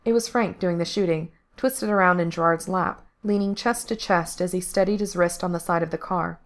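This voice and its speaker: A woman narrates a piece of fiction in an audiobook style. Her delivery is steady and even, and her voice sits slightly low. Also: normal speed. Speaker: story reader.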